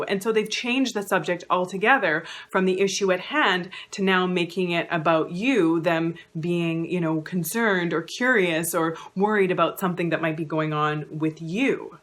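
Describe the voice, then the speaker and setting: Lady counsellor explaining stuff to camera, lowish voice, lots of "you know"s. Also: moderate pace, few pauses, a bit bright. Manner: conversational, many fillers like "you know"; acts out quoted lines in a raised voice. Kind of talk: educational talk to camera.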